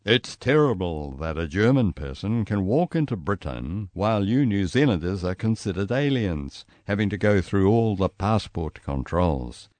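Brief: grumbling, gloomy middle-aged Scot, put on by a male narrator, blunt and lively. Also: moderate pace, hardly any pauses, no echo. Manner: blunt, grumbling, raised pitch. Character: gloomy, talkative middle-aged Scottish man.

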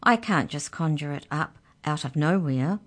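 A woman's voice: low-pitched, lively intonation, moderate pace. A cranky little talking mouse from a children's story, who turns out to be a tooth fairy, voiced by a woman reading aloud. It talks in an exasperated, matter-of-fact way.

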